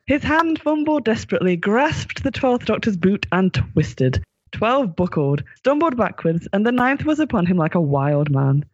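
Husky, animated man reading a comic story. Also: high voice, no echo, dull audio. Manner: animated, giggling reading with put-on voices. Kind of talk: amateur comic fan-fiction reading.

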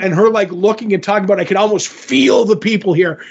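A man with a high-pitched voice co-hosts a casual podcast and walks through a show's events in a lively, scene-by-scene retelling. The sound is muffled and lo-fi. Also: fast, breathy edge. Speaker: podcast co-host. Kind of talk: casual podcast chat recapping an episode.

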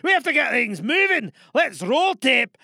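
A man's voice: extremely high pitch, very animated, unhurried, vocal fry, bright, forceful tone, no room sound, full character voice. A man voicing a brusque, impatient male director, barking orders in an audio comedy sketch.

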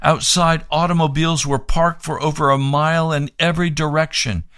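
A man's voice: a little high, level tone, moderate pace, fairly bright tone, clean tone, no room sound, studio quality. A man preaching on the radio, reading aloud from a book and making fervent, pleading appeals for donations.

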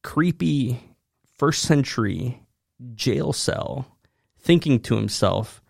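A man, a pastor, talking casually on a podcast about a scripture verse, animated and quick to laugh at himself. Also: mid-range voice, creaky, breathy edge, no echo, studio quality. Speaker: pastor who preached the sermon series.

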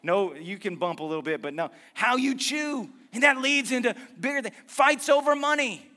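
A man preaching a sermon as pastor, lively and conversational, mixing jokes and asides about his marriage into the message. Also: extremely high pitch, moderate pace, big-room sound.

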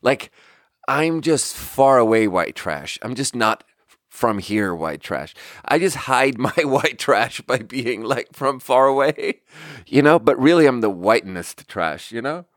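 A man's voice: mid-range voice, lively intonation, a little slow, a bit bright, no echo, studio quality. A young man from Sweden telling a rambling, exasperated story in casual podcast chat and swearing freely. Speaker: podcast host.

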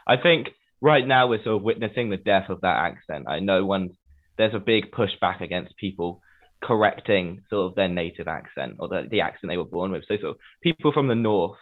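A man's voice: deep voice, expressive, brisk. A man with a Southern English accent chatting as a guest, hedging often with "sort of". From England. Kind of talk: casual chat. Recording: tinny phone-like line.

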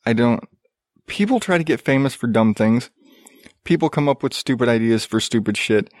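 A man rants through a podcast segment, swearing freely and dripping with sarcasm. His voice sits at an ordinary middle pitch. The recording is dry and close, with no room sound. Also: lively intonation, moderate pace, darkish tone, no echo. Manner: profane, exasperated, sarcastic. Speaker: podcast host. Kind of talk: ranting casual commentary.

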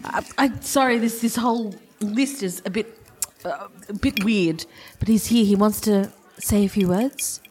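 A woman's voice: medium pitch, measured pace, a little mellow, husky. A woman in an improv comedy scene, hesitant and apologetic.

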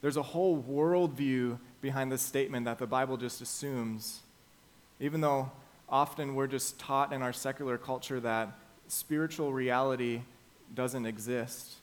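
A male pastor gives his morning sermon in a medium-pitched voice. He is emphatic and lets the key phrases slow down and land. He walks his listeners through the passage point by point. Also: steady tone.

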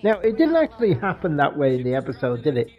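A man co-hosts a casual watch-along podcast, throwing in dry, jokey remarks. His voice is husky and a touch high, and the recording sounds dull and lo-fi. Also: wildly swooping pitch, fast. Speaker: podcast co-host. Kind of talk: casual commentary while watching an episode.

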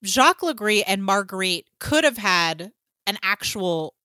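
Bright, chatty woman podcast host. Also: mid-range voice, measured pace, no room sound, studio quality. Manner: animated, chatty, swears freely. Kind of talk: casual film-review chat.

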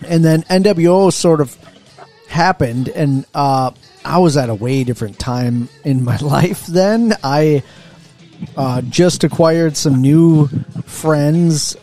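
A man's voice: medium pitch, dark tone. A man co-hosting a casual podcast, telling a long rambling story with many ums and uhs. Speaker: podcast co-host.

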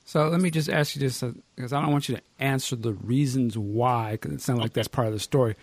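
A man hosting a casual podcast chat, animated, often exclaiming and laughing. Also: mid-range voice, fairly quick, no echo. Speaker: host.

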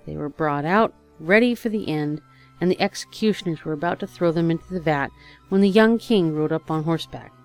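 A woman narrating a fairy tale as a storybook reading, in a measured, expressive way. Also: low-pitched, soft background music.

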